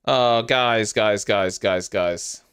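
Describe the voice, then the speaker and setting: A man's voice: lowish voice, extremely slow, fairly bright tone, smooth. A man hosting a live stream, giving casual, rambling reaction commentary and often poking fun at himself. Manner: rambling, self-mocking, chatty.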